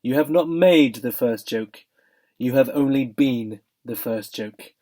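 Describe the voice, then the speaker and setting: A man voicing a wise, calm lion who speaks slowly and solemnly. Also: medium pitch, low-quality recording. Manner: slow, solemn, measured. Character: great wise male lion, calm and commanding.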